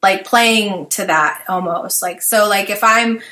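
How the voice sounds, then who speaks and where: Bright-voiced casual woman podcast host. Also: mid-range voice, slow. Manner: casual, many "like" fillers, thinking aloud. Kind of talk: podcast conversation.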